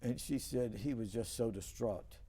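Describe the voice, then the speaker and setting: A man's voice: medium pitch, moderate pace, mellow, husky. An older man hosting a TV talk show, telling long rambling stories with many restarts. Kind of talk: casual storytelling interview.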